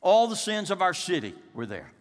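A man's voice: big pitch swings, normal speed. Man preaching in a reverberant hall. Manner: dramatic preaching, swinging from loud peaks to hushed lows. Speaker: pastor. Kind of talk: sermon.

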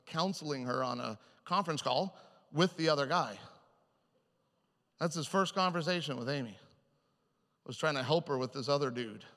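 Male preacher, comic storyteller, fairly high bright voice, hall echo. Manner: animated, self-mocking, quick shifts into quoted voices. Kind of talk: humorous sermon storytelling. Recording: hall reverb.

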